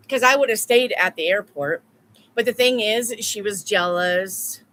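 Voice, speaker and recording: A woman's voice: mid-range voice, moderate pace, fairly bright tone, slight background noise, poor audio. A woman reading tarot in a casual live stream, telling stories bluntly with plenty of swearing. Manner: blunt, profane storytelling. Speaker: tarot reader.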